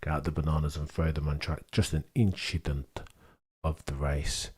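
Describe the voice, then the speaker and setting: A young British man hosting a live sports watchalong, chatting with viewers and reacting to the race in a rambling, excitable way. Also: very deep voice, normal speed, breathy edge. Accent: British English. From England. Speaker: livestream host. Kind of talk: live sports watchalong commentary, reading chat.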